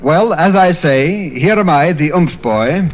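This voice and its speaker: A man's voice: fairly high pitch, animated, unhurried, very noisy. A British man as a radio comedy guest, trading banter in a dry, rueful, self-deprecating way. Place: radio studio. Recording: dull 1930s radio broadcast.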